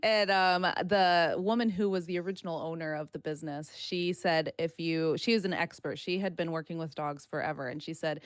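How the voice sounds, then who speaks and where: A woman's voice: sits low, brisk, hardly any pauses, smooth, dry recording, clean studio sound. A woman hosting a casual streamed chat, supportive and often murmuring agreement. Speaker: host, mother.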